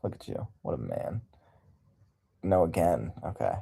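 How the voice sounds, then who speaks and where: A man's voice: deep voice, very animated, unhurried, gravelly, dark tone, husky. A man hosting a livestream, talking casually and candidly in a rambling way, often laughing. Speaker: livestream host.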